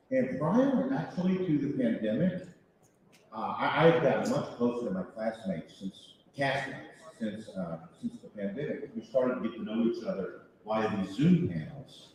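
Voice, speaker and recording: An older man in his sixties holds a convention panel crowd with lively, self-mocking anecdotes. His voice is mellow and swings widely in pitch. It reaches us from a distance in a big hall with long reverb. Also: normal speed, a little hiss or hum. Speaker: voice actor guest on a panel. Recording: echoey hall picked up from far off.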